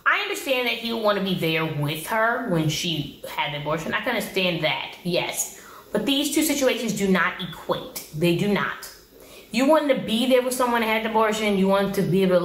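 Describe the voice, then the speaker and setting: A woman's voice: medium pitch, fairly bright tone. A young woman giving casual reality TV recap commentary, blunt, slangy and exasperated. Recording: roomy echo.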